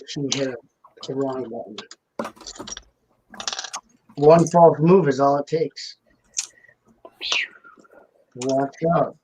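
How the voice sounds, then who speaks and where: A man's voice: mid-range voice, drawn-out words, long pauses, mellow, a little hiss or hum, poor audio. A man hosting a live building stream, chatting casually and jokingly while reading out viewer comments.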